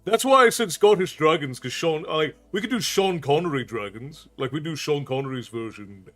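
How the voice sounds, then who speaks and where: A man's voice: a little high, expressive, moderate pace, a bit bright. A man with an unusual Irish accent, chatting with viewers on a live stream and answering their comments aloud. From Ireland. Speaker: storytelling streamer.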